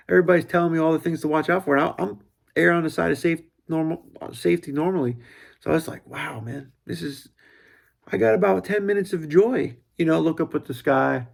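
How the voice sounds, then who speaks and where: A middle-aged man talks through his thoughts in a loose, unscripted way, stopping and restarting as ideas come. His voice has a strong gravelly fry, pitched a little higher than most men's. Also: fairly quick. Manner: rambling, self-interrupting, quotes his own thoughts aloud. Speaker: vlogger. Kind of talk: casual reflective monologue.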